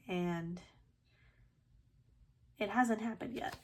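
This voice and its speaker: Reading tarot cards to the camera, a chatty woman keeps things relaxed, with plenty of fillers and soft laughs. She has an itchy throat and sneezes, and her mid-range voice moves at a moderate pace.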